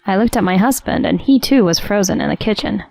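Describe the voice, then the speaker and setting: A woman narrating a first-person story in an even, composed way. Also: medium pitch, fast, no echo. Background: soft music.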